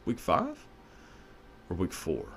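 A man's voice: low-pitched, huge pitch swings, slow pace, fairly bright tone, a little hiss or hum. A young man hosting his own podcast, talking casually in a crude, profane, joking way and laughing often. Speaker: podcast host. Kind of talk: casual solo podcast monologue.

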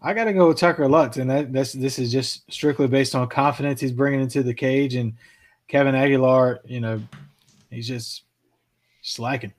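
A man co-hosting a betting podcast at an ordinary pitch. He picks his words hesitantly and fills gaps with ums and uhs. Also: fairly even intonation, moderate pace. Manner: hesitant, filler-heavy. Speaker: podcast co-host. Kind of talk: casual betting podcast chat.

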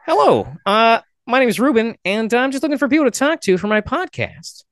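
Casual male podcaster, lively pitch, dry close mic. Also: brisk, no room sound. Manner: chatty joke telling with fillers. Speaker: podcast host. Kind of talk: casual video chat with strangers.

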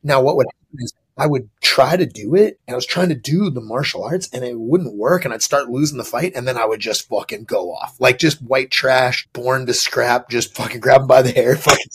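A man in his fifties with a gravelly, husky voice, telling stories as a podcast guest. His talk is loose, profane and animated, with frequent laughter. His pitch sits at an ordinary middle height for a man. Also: a little fast, hardly any pauses. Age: 50s. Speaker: podcast guest, martial arts gym co-owner. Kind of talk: casual interview storytelling.

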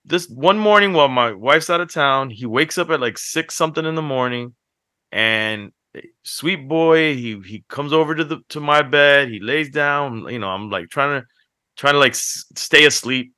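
Bright-voiced animated dad on a podcast. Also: male voice, medium pitch, moderate pace, no echo, clean studio sound. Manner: animated, laughs while telling stories. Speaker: podcast co-host. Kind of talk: casual chat, storytelling.

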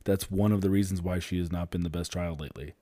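A man's voice: low-pitched, fairly even intonation, fast, mellow, no echo. A man co-hosting a casual chat, teasing his partner in a dry, laid-back way. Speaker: podcast co-host.

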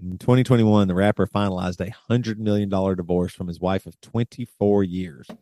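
Low-voiced man reading news aloud casually. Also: steady tone, dark tone, dry recording, studio quality. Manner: reads figures aloud slowly, many fillers and restarts. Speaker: podcast co-host. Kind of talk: casual chat reading celebrity divorce news.

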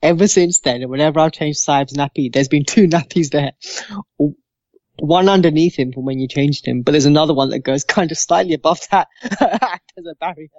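A man in his thirties, a podcast co-host, telling a lively anecdote with plenty of swearing and acted-out voices. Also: fairly high pitch, normal speed, dry recording. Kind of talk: casual storytelling. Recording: dry, slightly dull lo-fi sound.

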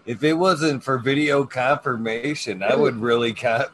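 A man's voice: medium pitch, fairly even intonation, moderate pace, fairly bright tone. A man chatting casually on a stream, laid-back and rambling, swearing often.

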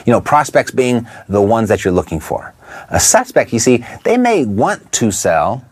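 A man coaching listeners in an instructional talk, stressing his points and asking quick rhetorical questions. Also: medium pitch, a little mellow, husky. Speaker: real estate investing coach.

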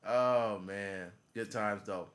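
A man in his thirties hosts a podcast, telling a story in a casual, profane way and laughing along the way. His voice is lowish and steady, and he takes his time.

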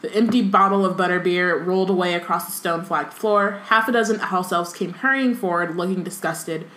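A woman's voice: lowish voice, a little fast, a bit bright, reverberant. A woman co-hosting a casual podcast, chatty and exasperated, also reading aloud. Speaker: podcast co-host.

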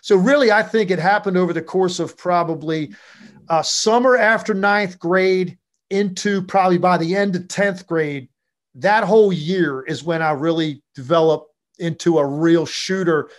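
At a moderate pace and with a high voice, a Virginian ex-basketball player narrates stories in a casual interview, animated throughout and dotted with fillers.

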